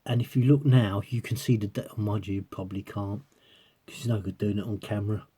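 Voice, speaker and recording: A man's voice: on the low side, fairly even intonation, a little fast, dark tone, breathy edge. A man vlogging as a coin collector, chatting casually to viewers and breaking into giggles as he rambles on. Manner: giggly, keeps breaking into laughter; rambling, talking while peering through a magnifier.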